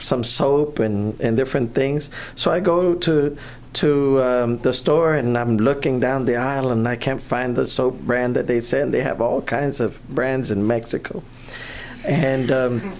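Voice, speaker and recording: Preacher, sermon storytelling, slow delivery, animated, chuckling, acts out characters. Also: medium pitch.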